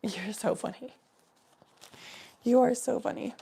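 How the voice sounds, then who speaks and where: Woman rambling thru a tarot reading on stream, kinda gravelly voice, swears a lot. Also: fairly high pitch, slow pace, warm tone.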